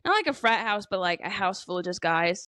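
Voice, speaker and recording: Expressive and a little fast, this woman's mid-range voice has a sharp tone and no room sound. In her twenties, she co-hosts a casual podcast, telling chatty stories sprinkled with "like," "you know" and the occasional curse.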